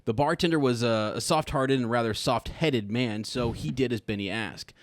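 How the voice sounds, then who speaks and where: A man's voice: mid-range voice, normal speed. A man co-hosting a casual podcast chat, reading jokes aloud, laughing often and stumbling over words. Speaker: podcast co-host.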